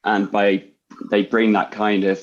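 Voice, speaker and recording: Deep-voiced man on dull lo-fi audio. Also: level tone. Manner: thoughtful, measured, hesitant. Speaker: panelist in a webinar. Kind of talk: conversational panel discussion.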